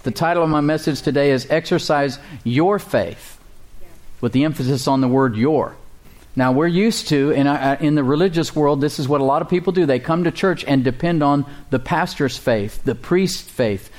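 A man pastor preaching a sermon, calling out for responses from the congregation and reading scripture slowly and deliberately. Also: a little high, a little mellow.

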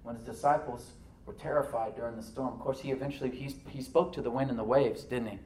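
A man preaching a sermon as pastor, animated, with rhetorical questions and soft asides to the congregation. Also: mid-range voice, quick pace, roomy sound, distant mic, slight background noise, poor audio. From United States.

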